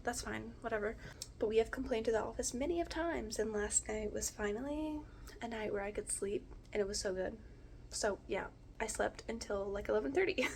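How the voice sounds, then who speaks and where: A woman's voice: mid-range voice, gravelly, darkish tone, slight background noise. A woman in her twenties from the United States, rambling casually to the camera in a vlog at home, full of "like" and "you know". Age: 20s. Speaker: vlogger. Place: home apartment.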